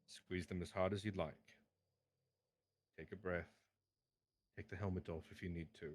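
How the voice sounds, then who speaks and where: A man voicing a calm, steady male adventurer who gently soothes an angry friend in a tabletop game. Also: low voice, moderate pace, a little hiss or hum, natural voice. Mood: soothing.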